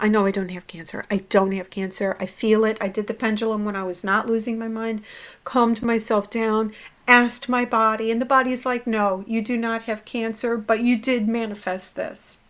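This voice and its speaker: Blunt, swearing woman telling her story. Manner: blunt and profane, swinging between low muttering and loud outbursts. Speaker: hypnotherapist. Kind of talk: personal vlog storytelling.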